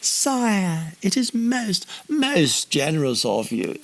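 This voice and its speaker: A man voicing oily, haughty male royal administrators who grovel in a strained, high voice. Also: huge pitch swings, slow pace, exaggerated voice. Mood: grovelling. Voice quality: slimy, fawning, high and strained.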